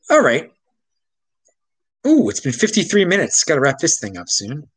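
A man from the Baltimore area talks through his solo show in a loose, ranting monologue. His pitch swings widely as he grows exasperated, stumbling and restarting mid-sentence before pressing on. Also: wildly swooping pitch, normal speed, pauses often, husky, rough recording. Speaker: show host. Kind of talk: casual opinion monologue.

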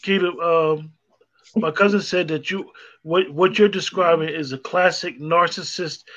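A man hosting a casual chat show, halting and full of fillers as he jumps in. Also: a little high, fairly even intonation, a bit bright, muffled recording.

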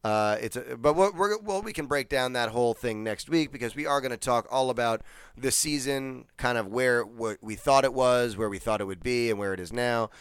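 A man co-hosting a podcast in casual chat, wry with deadpan jokes, sometimes trailing off. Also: medium pitch, moderate pace, clear, resonant tone, dry recording. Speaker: podcast co-host.

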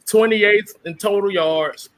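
A man co-hosting a casual sports talk show, animated and quick to laugh. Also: sits high. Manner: animated, laughs often, repeats "hold on". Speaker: co-host.

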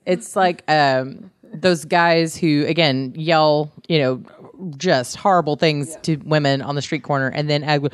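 A woman's voice: low-pitched, unhurried, smooth, no room sound. A woman co-hosting a casual podcast chat, speaking bluntly with sarcasm and a lot of swearing. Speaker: podcast co-host.

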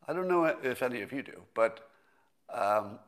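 A man's voice: mid-range voice, animated, normal speed. A middle-aged man hosting a casual solo commentary stream, rambling and thinking aloud with fillers and restarts, sometimes sarcastic. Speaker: host.

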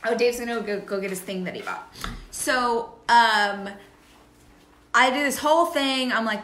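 A woman co-hosting a casual chat, telling a story in a chatty, lively way. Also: on the high side, unhurried. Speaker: podcast co-host. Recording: echoey room.

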